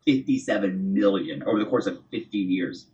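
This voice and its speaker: A man's voice: fairly low pitch, fairly quick, a little mellow. Man telling a story from a distance. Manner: rambling retelling with quoted dialogue and restarts. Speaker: podcast guest. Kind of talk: casual storytelling in an interview. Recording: distant, dull lo-fi sound.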